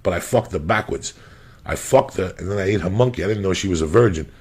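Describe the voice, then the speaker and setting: A comedian storyteller tells crude stories in a casual chat, swearing constantly and acting out the voices of the people he quotes. His voice sits low with a darkish, gravelly, husky quality, and he talks at a quick pace.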